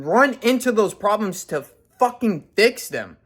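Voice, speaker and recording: A man's voice: high-pitched, animated, a little slow. A man in his twenties giving a blunt, profanity-heavy motivational rant as a vlogger. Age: 20s. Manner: blunt, heavy swearing, intense.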